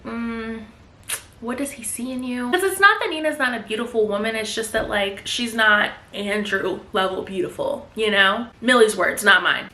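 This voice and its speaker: A young woman recapping a novel in a chatty, animated way, with playful asides. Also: mid-range voice. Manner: chatty and animated, slips into playful character voices. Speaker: book vlogger. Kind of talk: casual book recap. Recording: roomy echo.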